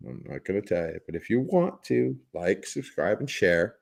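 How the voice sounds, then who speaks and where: A man hosts a casual livestream, joking and rambling with plenty of restarts. His voice sits low and gravelly, yet it rises and falls with lively swings. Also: moderate pace. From Germany. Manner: jokey, laughing, rambling with restarts. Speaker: livestream host.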